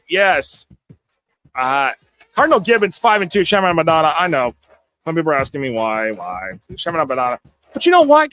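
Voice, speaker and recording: A man hosting a casual live sports talk show, excitable and stammering, often laughing and reading viewer comments aloud. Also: sits high.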